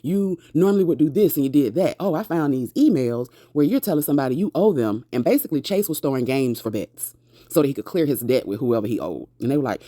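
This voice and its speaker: A woman's voice: very deep voice, animated, fast talker, mellow, dry recording, clean studio sound. A woman casually recapping a TV episode in a chatty, sassy way, full of slangy asides. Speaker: TV recap vlogger.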